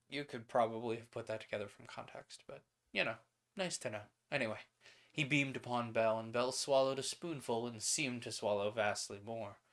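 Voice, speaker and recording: Casting: male streamer, mid-pitched, steady story reader with offhand asides. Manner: reads steadily, then adds casual asides and paraphrases. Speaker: streamer reading old pulp stories aloud. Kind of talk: reading a story aloud on a stream.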